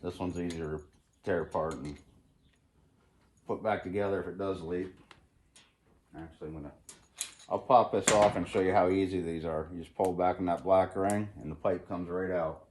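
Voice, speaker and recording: Working with tools in a chilly home garage, the host of a laid-back DIY vlog chats to himself at a normal pace, pausing often, in a voice that sits low. Faint noise and the roomy echo of the garage come through on the recording.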